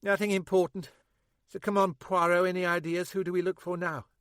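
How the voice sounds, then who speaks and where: A woman's voice: lowish voice, flat delivery, smooth, dry recording, clean studio sound, pitched above the performer's own voice, close to an everyday voice. A man voicing an impatient, swearing female detective sergeant in an audiobook. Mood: urgent. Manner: sharp, swearing, quick-tempered. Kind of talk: audiobook character voice.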